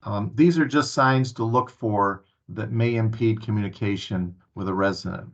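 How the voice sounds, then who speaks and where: In a muffled, lo-fi recording, a man with a lowish voice gives a staff training presentation at a town hall meeting. He speaks at a moderate pace, earnestly, with plenty of filler sounds and restarts.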